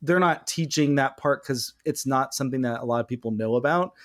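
A man hosting a casual podcast chat, animated and acting out quoted lines in mock voices. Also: mid-range voice, fairly quick. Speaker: podcast host.

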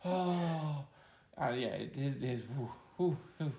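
A man's voice: medium pitch, animated, takes it slowly, gravelly, dark tone, a little hiss or hum. Guy cohosting a podcast, goofy storyteller, laughs a lot, echoey room. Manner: jokey storyteller, laughs often. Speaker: podcast co-host. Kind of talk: casual podcast banter.

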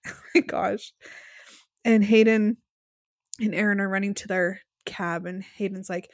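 A woman co-hosting a podcast, recapping an episode in casual chat, exasperated and quick to quote the people on screen. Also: mid-range voice, fairly even intonation, no room sound, studio quality. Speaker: podcast co-host.

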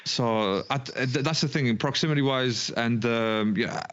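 A man's voice: medium pitch, unhurried, a bit bright, slight background noise. A man co-hosting a casual sports podcast, talking hesitantly with many restarts. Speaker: co-host. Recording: muffled lo-fi audio.

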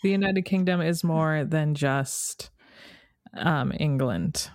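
Slow-talking woman podcast co-host, dry sound. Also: deep voice, a little mellow, dry recording. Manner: slow, easygoing, laughs at herself. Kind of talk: casual chat.

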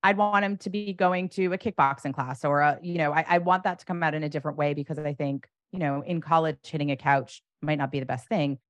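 Animated woman giving parenting advice. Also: sits low, quick pace, hardly any pauses, no room sound. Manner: animated, acts out example phrases emphatically. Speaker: parenting coach. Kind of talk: advice conversation.

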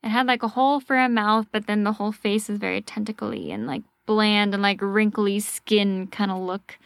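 A woman host casually telling a ghost story on a podcast, animated and swearing freely. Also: medium pitch, moderate pace, gravelly, no room sound.

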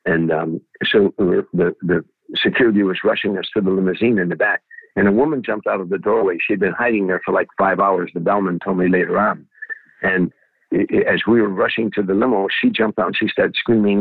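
A man's voice: low-pitched, steady tone, quick pace, slightly rough, dry recording. An older man, a veteran comedian, telling anecdotes in an interview, with many restarts and "you know"s. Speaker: guest comedian. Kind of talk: storytelling interview. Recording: phone-like, dry.

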